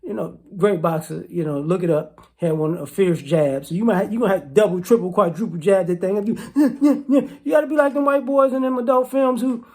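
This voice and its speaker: A woman's voice: medium pitch, brisk, few pauses, mellow. A woman vlogger giving casual, teasing commentary, rambling and repeating herself.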